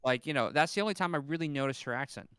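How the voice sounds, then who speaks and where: A man co-hosting a film podcast, calmly pushing back in a mild, easygoing way with halting restarts. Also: a little high. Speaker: podcast co-host. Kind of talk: casual film review chat.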